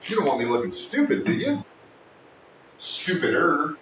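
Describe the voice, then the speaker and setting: Dude joking around w his stream chat, voice jumps all over, echoey shop, kinda far from the mic w a low rumble. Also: wildly swooping pitch, moderate pace. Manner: joking, teasing, with sudden yells. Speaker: woodworking livestream host. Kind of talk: casual live-stream chat with viewers. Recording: echoey room, distant mic, faint rumble.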